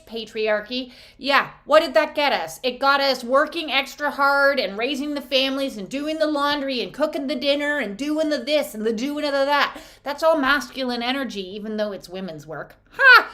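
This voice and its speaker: A middle-aged woman talks through an oracle card reading in a loose, chatty way. She is blunt, swears without a second thought and laughs easily. Her voice sits a little on the high side. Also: fairly bright tone. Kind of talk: casual spiritual card reading.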